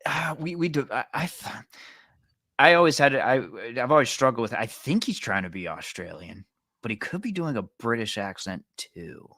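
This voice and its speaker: A man's voice: medium pitch, very animated, normal speed, sharp tone, dry recording. A man co-hosting a podcast, chatting casually in a rambling, laid-back way. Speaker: podcast co-host. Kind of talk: casual chat.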